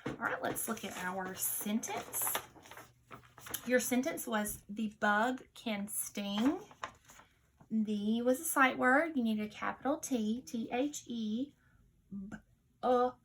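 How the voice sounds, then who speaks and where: A woman teacher leading a recorded phonics dictation lesson, sounding out each word slowly and deliberately. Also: a little high, slight background noise.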